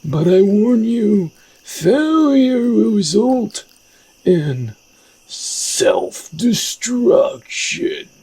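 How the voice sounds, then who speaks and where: A stern old shaman master with a strained high voice and a slow, weighty delivery, as a man puts him on. He speaks loud and husky, every warning stretched out as if over a game's ritual scene. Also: sing-song, dry recording, full character voice. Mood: solemn. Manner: solemn, drawn-out warnings. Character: old male shaman teacher, stern and solemn.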